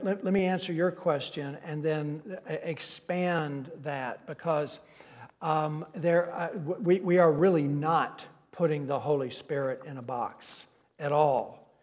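A man's voice: a little high, darkish tone, long reverb tail. A man leading a church question-and-answer session as pastor, earnest, stumbling over repeated words as he explains. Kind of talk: church Q&A teaching.

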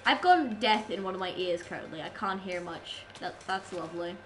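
An Australian woman, nose stuffed up from a cold, chats playfully with viewers while gaming on a live stream. Her fairly low voice has lively intonation and normal speed, in a low-quality recording with a little hiss or hum.

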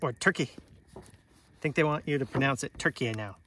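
A man's voice: medium pitch, a little fast, a bit bright. A man in his thirties chatting casually with his family in a laid-back way, chuckling often between fillers. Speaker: vlogger, father. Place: inside a large tent.

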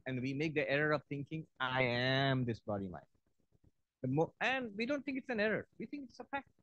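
A monk giving a spiritual lecture at a university, telling a parable and acting out its parts. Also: male voice, a little high, quick pace, dry recording, highs cut off. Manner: animated, acts out story parts.

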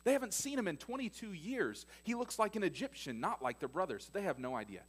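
A male pastor preaching in a church, retelling stories in a fairly high voice. His delivery swings between emphatic, louder passages and quiet, hushed ones. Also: sing-song, fast talker, breathy edge. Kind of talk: sermon.

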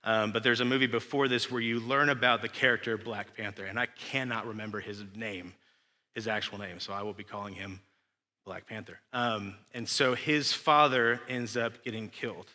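Speaking at normal speed in a fairly low, pushed, bright voice, a young West Texan man preaches as pastor. The sermon is casual and chatty, with asides to the congregation, recorded with a church hall's long reverb in the sanctuary.

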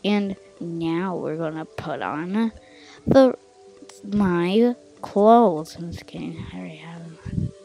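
Excitable woman narrating her gameplay. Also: fairly low pitch, takes it slowly, gravelly. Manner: excitable, jumps from hushed mutters to loud outbursts. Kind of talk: casual game commentary.

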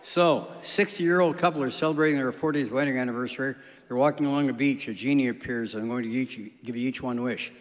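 A comedian from South Dakota telling deadpan jokes on stage, slipping into quick character voices. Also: male voice, medium pitch. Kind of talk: stand-up jokes on stage, then interview. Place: large concert hall stage. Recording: reverberant hall.

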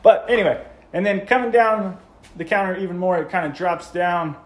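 An American man with a slightly higher voice than most, gushing about each room as he walks through a model home. His delivery is casual and upbeat, like a friendly vlogger filming as he goes. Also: normal speed. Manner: enthusiastic, gushing. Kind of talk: casual walkthrough narration.

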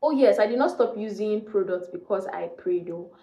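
A woman's voice: medium pitch, animated, normal speed, dark tone, reverberant, rough recording. A young woman vlogger from Nigeria telling a faith testimony, earnest and repeating key phrases for emphasis.

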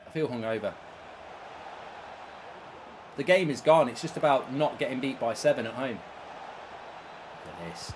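A man's voice: mid-range voice, slight background noise. A man streaming a football game, ranting and swearing about his play and reading chat messages aloud. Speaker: gaming streamer. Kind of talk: live gameplay commentary reading chat.

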